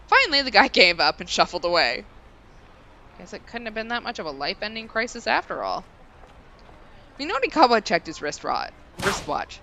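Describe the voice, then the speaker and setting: A woman streamer reading a visual novel aloud, expressive and quick to laugh. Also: medium pitch, slight background noise. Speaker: streamer, co-host.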